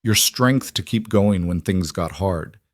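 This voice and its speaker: A man reading the lines of a weathered, loving mountain man in a storybook tale, speaking softly. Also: sits low, a little slow, no echo, studio quality. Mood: tender. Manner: soft-spoken.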